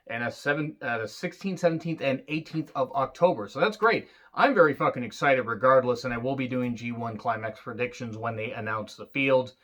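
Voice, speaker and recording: A man giving a casual solo wrestling review, excitable and rambling, swearing freely. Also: mid-range voice, a little fast, few pauses, lo-fi sound.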